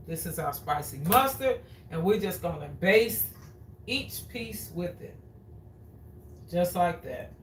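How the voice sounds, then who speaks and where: In her home kitchen, a cooking show host demonstrates a dish at an unhurried pace, chatting away, repeating phrases, and calling her viewers "guys." Her mid-pitched voice is caught from a few steps off the mic, with echoey room sound and faint noise beneath.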